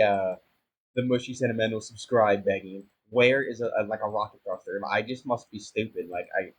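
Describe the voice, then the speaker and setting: A man's voice: mid-range voice, husky, rough recording. A young man giving casual, self-mocking commentary on a sandbox building game, flustered and rambling as he fumbles along. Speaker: gaming YouTuber.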